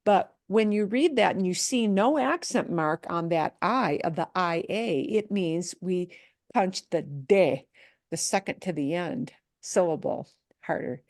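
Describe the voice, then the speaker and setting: A woman's voice: on the low side, animated, unhurried, no echo. A woman leads a Spanish lesson and explains pronunciation patiently, moving back and forth between Spanish and English. Her voice is close and dry, with no room sound. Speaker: Spanish teacher. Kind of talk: online language class.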